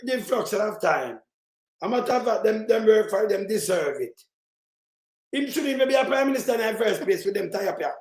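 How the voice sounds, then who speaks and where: A man's voice: high-pitched, expressive, fast talker, a little mellow, roomy sound. A Jamaican man giving heated, mocking commentary in patois as he reacts to played clips. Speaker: political commentator.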